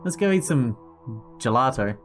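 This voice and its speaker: A man's voice: medium pitch, expressive, moderate pace, soft background music, natural voice. A man voicing a cheerful, affectionate woman friend who teases the hero, raised well above his own voice. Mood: chirpy. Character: cheerful Australian-style woman friend, teasing.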